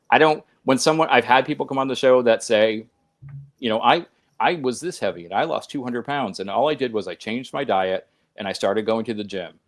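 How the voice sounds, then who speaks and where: Man, podcast guest, low voice, earnest, emphatic, run-on sentences. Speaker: podcast guest, host of his own show. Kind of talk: conversational podcast talk.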